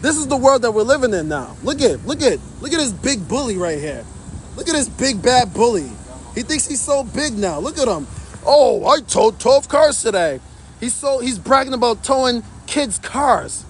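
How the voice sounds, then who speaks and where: A man's voice: very high voice, very animated, normal speed, slight background noise. A man livestreaming outdoors from his phone, indignantly commenting to his chat in a repetitive way.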